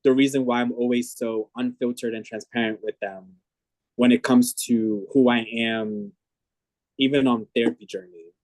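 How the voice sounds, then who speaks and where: A man of ordinary pitch speaks as the interview guest, reflecting candidly with many ums and restarts. His voice sounds close and dry. He talks openly and at length. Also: fairly even intonation, moderate pace, a little mellow, no room sound.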